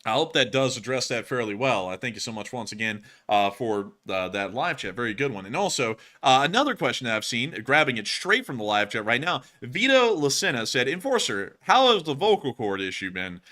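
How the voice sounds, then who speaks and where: Guy hosting a live stream, bright punchy voice pushed up high for hype, emphatic, still getting over some vocal strain. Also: a little fast, few pauses. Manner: raised on-air voice pushed higher for excitement; emphatic, repeats stock thank-yous. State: recovering from vocal cord strain. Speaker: livestream war news host. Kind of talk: live-stream chat answering viewer questions.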